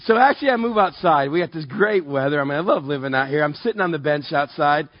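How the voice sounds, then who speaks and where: Male pastor, husky, slightly high-pitched; dry, dull recording; playful storyteller. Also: expressive, no echo. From Southern California. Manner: self-deprecating, acts out dialogue with quick pitch jumps. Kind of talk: conversational sermon with storytelling.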